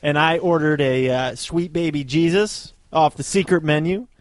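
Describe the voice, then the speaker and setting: A young adult man co-hosting a casual podcast, telling stories slowly and laughing easily. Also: a little high, dry recording. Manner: slow-talking, laughs easily, chatty storyteller. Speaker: podcast co-host. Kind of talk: casual chat.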